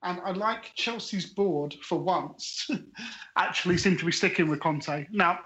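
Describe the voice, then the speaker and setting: A man's voice: high-pitched, measured pace, fairly bright tone. A man co-hosting a casual podcast, talking through his opinions with enthusiasm and reconsidering them as he goes. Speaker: podcast co-host. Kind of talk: casual chat, football opinion. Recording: slightly dull audio.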